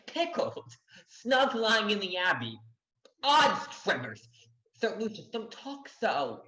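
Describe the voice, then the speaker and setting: A woman's voice: medium pitch, very animated, slow pace, bright, forceful tone, heavily acted. A woman acting a nervous young country squire who stammers and blusters in a live online play. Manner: stammering, anxious blustering oaths. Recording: echoey room over video call.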